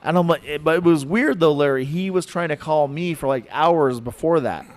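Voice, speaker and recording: A man telling a podcast story in an animated, rambling way, full of fillers and likes. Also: on the high side, moderate pace. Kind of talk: casual storytelling.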